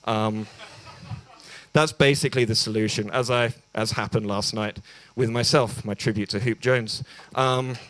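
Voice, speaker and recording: A man's voice: fairly low pitch, steady tone, unhurried, a bit bright, no room sound. A young English man doing a stand-up set at an open mic, hesitant and self-deprecating, with lots of ums and restarts. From England. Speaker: stand-up comedian. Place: small bar venue.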